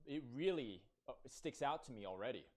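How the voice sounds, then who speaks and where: A man giving playful commentary, musing aloud in an animated way. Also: medium pitch, a little fast. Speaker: video commentator.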